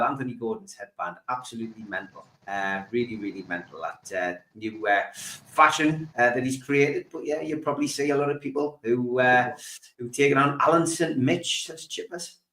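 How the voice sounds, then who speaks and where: A man hosting a football fan podcast, relaxed, reading out chat comments with lots of fillers. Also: mid-range voice, roomy sound, rough recording. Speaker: host.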